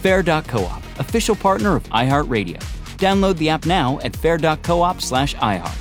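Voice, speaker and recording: A man's voice: fairly high pitch, big pitch swings, normal speed, faint music behind. A man reading a radio ad in a punchy, upbeat announcer style.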